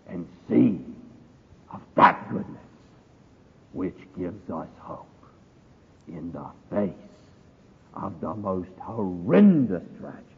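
A man preaching a sermon, building to loud climaxes and then dropping to near hushes. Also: sits low. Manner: impassioned preaching, swinging from loud climbs to hushed drops. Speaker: pastor. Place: church. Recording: husky voice over a tinny, echoey hall line.

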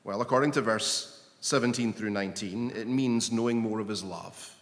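A man preaching a sermon slowly and emphatically, his voice swelling with intensity on key phrases. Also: on the low side. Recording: long hall reverb.

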